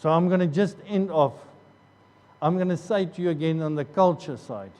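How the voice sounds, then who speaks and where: A man's voice: fairly high pitch, normal speed, a little mellow. A man preaching a sermon as pastor, earnest, often repeating phrases and restarting. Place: church hall. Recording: long church hall reverb.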